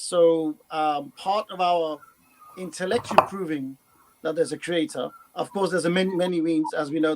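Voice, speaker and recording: A man on a panel earnestly explaining an argument, halting and restarting as he goes. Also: fairly high pitch, darkish tone, poor audio. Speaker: panel guest. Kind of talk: explaining an argument in casual chat.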